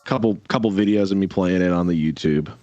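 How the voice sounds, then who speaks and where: A man talks casually in an interview, rambling and circling back with lots of fillers. His voice sits on the low side and sounds dry and dull, like lo-fi audio from a video call. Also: fast, dark tone, dry recording. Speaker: musician guest.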